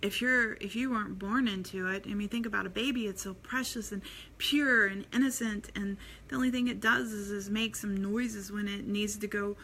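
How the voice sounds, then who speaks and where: A woman's voice: mid-range voice, fairly even intonation, moderate pace, fairly bright tone, a little hiss or hum. A middle-aged woman giving a casual, rambling, earnest inspirational talk as a spiritual vlogger. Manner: rambling, many fillers and restarts, earnest.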